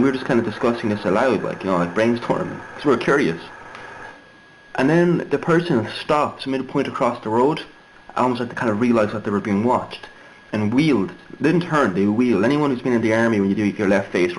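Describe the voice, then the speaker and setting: A man's voice: on the low side, slight background noise, rough recording. A young Irishman telling a story casually, rambling and digressive with many fillers and restarts. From Ireland. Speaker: vlogger.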